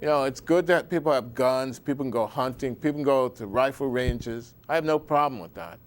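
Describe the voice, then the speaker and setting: A man's voice: medium pitch, fairly quick. A middle-aged man hosting a show, talking in a rambling, digressive monologue with folksy asides and frequent restarts.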